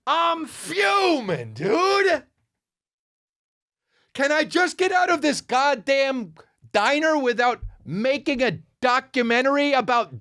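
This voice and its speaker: Animated, exasperated male podcast host. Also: very high voice, no room sound, clean studio sound. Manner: exasperated, profane, animated ranting. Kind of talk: comedic storytelling rant.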